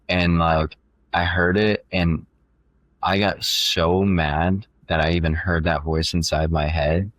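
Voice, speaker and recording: On a podcast, a male guest tells a long story in a relaxed, lively way, frequently quoting himself and using plenty of fillers. His voice is deep, and the recording has no echo.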